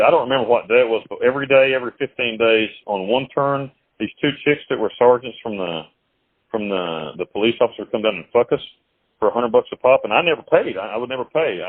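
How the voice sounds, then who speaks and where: A man's voice: mid-range voice, dry recording. A man being interviewed as an author, talking in a blunt, rambling, casual way over a phone call. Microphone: phone call from jail. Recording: tinny phone line.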